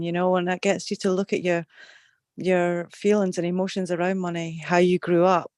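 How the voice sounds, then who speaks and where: A chatty, upbeat middle-aged woman with a Scottish accent that carries a slight Australian twang. She keeps her pitch fairly flat and even as she talks, and the recording is dry and close. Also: no echo. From Scotland. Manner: chatty, upbeat, swears casually. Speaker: group call participant. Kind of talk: casual chat.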